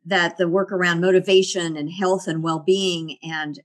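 A woman's voice: on the low side, little pitch movement, normal speed. A middle-aged woman, a guest in an interview, reflectively telling personal stories and laughing often. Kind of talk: casual interview storytelling.

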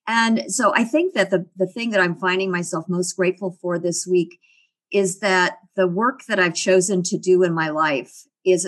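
A woman's voice: on the low side, fairly bright tone. A middle-aged woman talking as an interview guest, reflective and often laughing. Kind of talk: casual interview conversation.

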